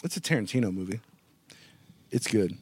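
A man co-hosting a casual podcast chat, animated, acting out his inner voice with sudden jumps in pitch. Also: normal speed, slightly rough, no echo. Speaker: podcast co-host.

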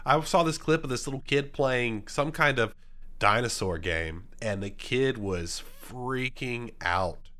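Podcast guy with a bright edgy voice, deadpan teasing, casual chat. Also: mid-range voice, measured pace. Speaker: podcast co-host.

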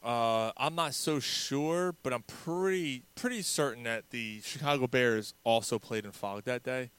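A man's voice: mid-range voice, unhurried, a bit bright, clear, resonant tone. A man co-hosting a casual sports podcast, telling stories with lots of swearing and acted-out quotes. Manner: storytelling, profane, acts out quotes. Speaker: podcast co-host.

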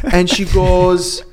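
A man chatting casually as a podcast co-host, telling a story animatedly, swearing often and acting out what others said. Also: sits high. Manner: animated storyteller, swears a lot, acts out quotes. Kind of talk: casual chat.

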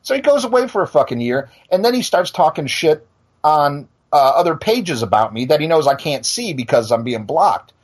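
This middle-aged man, a podcast and radio show host, delivers a heated casual rant full of profanity and bluntness, restarting sentences as he trips over them. His fairly high voice is sing-song with a breathy edge and a moderate pace.

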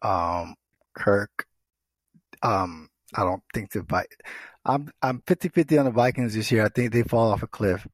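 A man co-hosting a sports podcast in casual chat, animated and slangy, swearing casually. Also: lowish voice, a little slow, no room sound. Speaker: podcast co-host.

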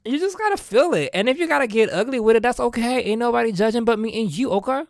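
A man's voice: very high voice, lively intonation, fast talker, gravelly, no room sound, studio quality. A man hosting his own podcast, chatting casually in a sassy, playful, diva-ish way and laughing often. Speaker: podcast host. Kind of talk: casual solo podcast chat.

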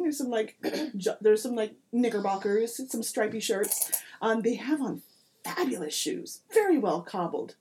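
A woman's voice: a little high, warm tone. A woman narrating a comedic tabletop game as game master, playful and rambling, often correcting herself mid-sentence.

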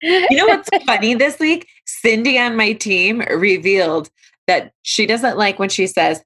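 Young woman, podcast host, mid-pitched voice, animated, laughs often. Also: normal speed. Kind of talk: casual chat.

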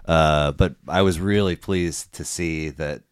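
A middle-aged man hosting a podcast in relaxed casual chat, talking hesitantly with short interjections. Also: very deep voice, slow pace, smooth, no room sound, clean studio sound. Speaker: podcast host. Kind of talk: casual conversation about music.

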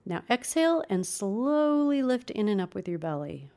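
A woman's voice: mid-range voice, sing-song, moderate pace, warm tone. Upbeat woman coaching voice exercises. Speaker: voice teacher. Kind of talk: instructional video lesson.

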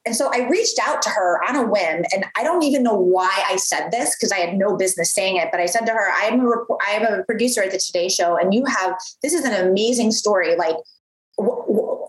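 A woman in her thirties telling a story from her career in a casual, animated way, full of fillers and acted-out quotes. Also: mid-range voice, fairly quick. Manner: animated, lots of "like", acts out quoted voices. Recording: roomy echo.

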